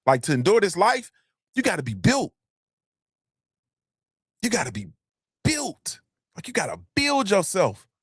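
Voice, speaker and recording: Male host, high voice, emphatic and repetitive, blunt with profanity, dry close sound. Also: wildly swooping pitch, unhurried, pauses often, a bit bright, slightly rough, dry recording. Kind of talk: motivational live-stream talk.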